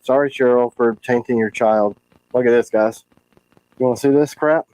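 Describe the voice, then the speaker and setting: A man who makes knives, hosting a casual livestream and talking in a frustrated, animated way with quick asides. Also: medium pitch, poor audio. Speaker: knife maker hosting a livestream.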